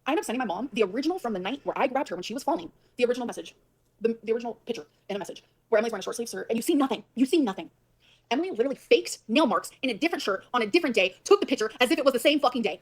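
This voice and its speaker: A woman on a livestream ranting fast and emphatically, swearing a lot as she tells her side of a fight. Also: on the high side, animated. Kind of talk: venting livestream rant. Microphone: livestream mic.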